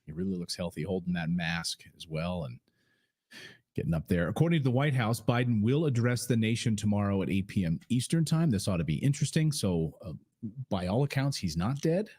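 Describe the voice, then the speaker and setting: A low, slightly husky man talks through the day's political news in a loose, unscripted way. He rambles, restarts his thoughts and leans on fillers as he reacts to clips for his viewers. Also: expressive, a little fast, a little mellow. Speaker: host of a political commentary stream. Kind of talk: casual political commentary.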